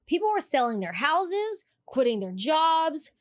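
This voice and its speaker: Lively high-voiced woman co-host, dry close sound. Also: a little slow, no echo. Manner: animated, opinionated storyteller. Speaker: podcast co-host. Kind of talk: casual chat.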